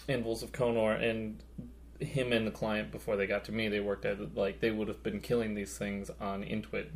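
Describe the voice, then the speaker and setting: A man co-hosting a hobby podcast, his low voice rough with gravel. He rambles along casually, circling back with fillers and asides. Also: slight background noise. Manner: rambling, chatty, lots of fillers. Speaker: podcast co-host.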